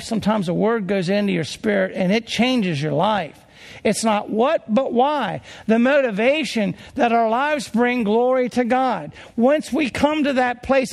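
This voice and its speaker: Earnest high-voiced preacher with gravelly tone. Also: male voice. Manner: earnest, slow preaching with rhetorical questions. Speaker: pastor. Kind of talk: sermon. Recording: long hall reverb.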